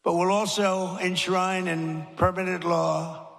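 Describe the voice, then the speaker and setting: An older man speaks from a rally stage in a raised, gravelly voice. His short, repetitive lines build to shouted slogans, and a long hall reverb trails each phrase. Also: sits high, little pitch movement, slow. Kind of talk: rally speech.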